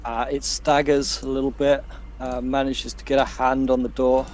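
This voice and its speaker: A man runs a casual tabletop game, calmly narrating enemy moves and counting squares aloud. Faint music plays under his voice. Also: mid-range voice, normal speed. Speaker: game master.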